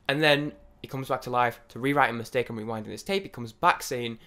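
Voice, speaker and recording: A young music reviewer rattles off excitable, rambling first impressions of an album, restarting often and swearing now and then. He talks fast in a mid-range voice.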